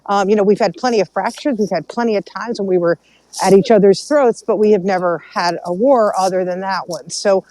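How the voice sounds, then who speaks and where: A woman speaking on a casual online panel, measured and thinking aloud. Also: mid-range voice, dark tone, poor audio.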